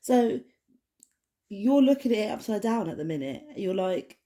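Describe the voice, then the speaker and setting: A woman's voice: mid-range voice, animated, moderate pace, dark tone. A woman giving a casual spoken oracle card reading, rambling with many restarts and fillers. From United Kingdom. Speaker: tarot card reader.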